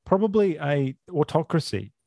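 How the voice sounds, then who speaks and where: A man's voice: on the high side, very animated, moderate pace, gravelly, warm tone, dry recording. A man who is not American, a podcast host talking about a film in an opinionated, rambling way, with many fillers. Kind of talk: casual film chat.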